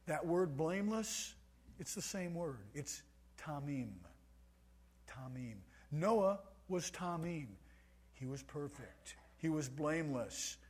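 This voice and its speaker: A man preaching a sermon, stressing key words by swinging between soft and loud. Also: on the high side, animated, slow, husky.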